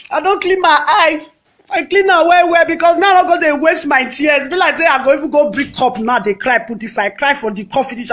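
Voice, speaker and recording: Nigerian woman, high-pitched, hosting a dramatic scolding live-video rant. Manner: loud, scolding, dramatic outbursts. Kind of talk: ranting live video monologue.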